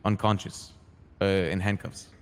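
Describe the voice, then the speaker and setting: A streetwise crew boss, voiced by a man in a roleplay game, earnest and hot-tempered. He tells his side animatedly, acts out the lines of others and swears freely. His voice sits a little low, with a long reverb tail behind it. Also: flat delivery, measured pace, slight background noise. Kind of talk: in-character storytelling in a roleplay game.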